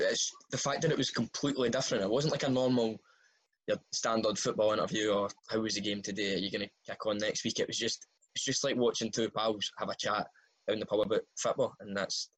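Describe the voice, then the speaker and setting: Easygoing interviewer. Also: male voice, on the low side, steady tone, fast, a bit bright, slightly rough, poor audio. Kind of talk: interview questions.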